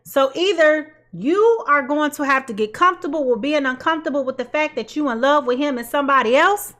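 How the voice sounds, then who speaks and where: A woman's voice: sits high, lively intonation, a little fast, a bit bright. A woman giving a casual tarot reading in a blunt, sassy way and laughing at her own jokes. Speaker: tarot reader.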